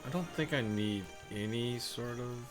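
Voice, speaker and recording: A man's voice: medium pitch, normal speed, over music. A man streaming a video game live, chatting and muttering self-deprecating asides and swearing at the game. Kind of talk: live gameplay commentary.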